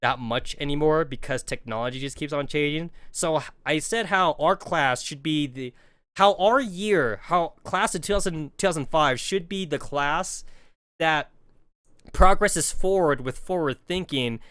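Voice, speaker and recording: A man's voice: on the high side, measured pace, a bit bright, clear, resonant tone, no echo. A man in his thirties telling a rambling, profane story on a game stream, full of "like" and acted-out quotes. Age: 30s.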